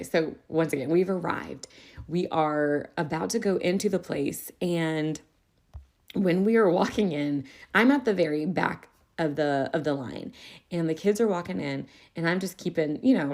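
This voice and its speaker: Lively, low-voiced woman podcast host. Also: vocal fry. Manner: animated, laughs often, acts out children's voices. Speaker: elementary school teacher. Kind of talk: casual storytelling.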